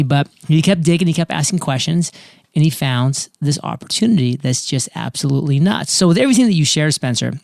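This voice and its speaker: A man's voice: on the high side, vocal fry, darkish tone, no room sound, clean studio sound. A man hosting a podcast interview who asks the guest questions and speaks enthusiastically to his listeners. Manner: enthusiastic, addresses listeners directly. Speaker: podcast host.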